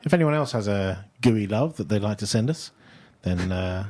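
A man's voice: lowish voice, expressive, moderate pace, darkish tone. A British man co-hosting a podcast, chatty and laughing often as he tells anecdotes. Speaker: podcast co-host. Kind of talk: casual chat.

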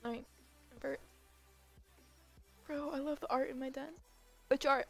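Giggly high-voiced young woman streamer. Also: steady tone, a little slow, vocal fry, soft background music. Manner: giggly, chatty, stumbles over words. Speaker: game streamer. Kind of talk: casual live-stream chat while gaming.

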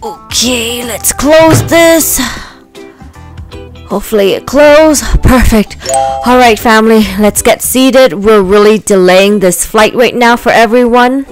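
A woman voicing dolls in a toy play story, in a lively, sing-song way. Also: fairly high pitch, takes it slowly, faint music behind.

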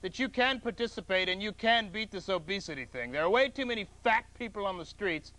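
Guy doing a fake talk show, deadpan, high bright voice. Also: fairly quick. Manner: deadpan, mock-earnest. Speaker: host of a comedy call-in show.

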